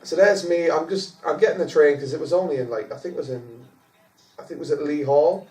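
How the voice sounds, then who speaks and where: A young man telling a story in casual chat, animated, swearing freely and laughing often. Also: a little high, fast talker. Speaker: podcast guest. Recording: echoey room, mic at a distance.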